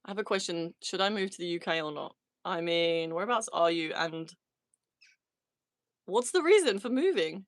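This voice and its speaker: A woman's voice: fairly low pitch, expressive, moderate pace, no echo, studio quality. A woman in her thirties hosting a casual live chat from a small converted shed, reading viewer comments aloud and laughing often. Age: 30s. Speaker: livestream host.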